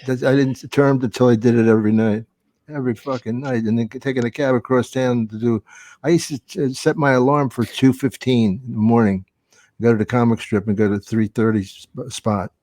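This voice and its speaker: A man's voice: medium pitch, fairly even intonation, brisk, a little mellow, dry recording. A man hosting a podcast, telling comedy stories in a casual, salty way with plenty of swearing. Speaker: podcast host.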